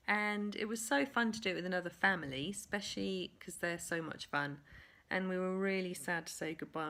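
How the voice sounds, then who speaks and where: A woman's voice: fairly low pitch, creaky, a bit bright. A woman chatting casually in a vlog, recapping a family trip with rambling, laughing asides. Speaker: family vlogger.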